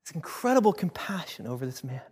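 A man's voice: on the high side, fast talker, husky. Man preaching in a reverberant hall. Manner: animated, acts out voices of biblical figures. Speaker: pastor. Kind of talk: sermon.

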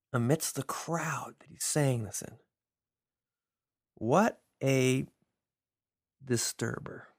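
A man's voice: medium pitch, a little mellow, no echo, clean studio sound. A man preaching a sermon, reading scripture and telling it as a vivid, emphatic story.

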